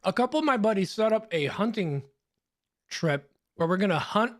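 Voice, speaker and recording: A man's voice: sits high, lively intonation, moderate pace. A man co-hosting a podcast in casual banter, joking and laughing often. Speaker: podcast co-host.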